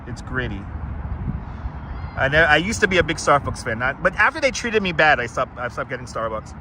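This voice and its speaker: A man's voice: a little high, big pitch swings, fairly quick, noisy background. Chatty New man streaming outdoors. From Brooklyn, New York. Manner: chatty, rambling, greets viewers by name. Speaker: live-stream host. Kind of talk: casual walking live stream. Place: outdoors on city streets, walking. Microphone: wireless clip-on mic.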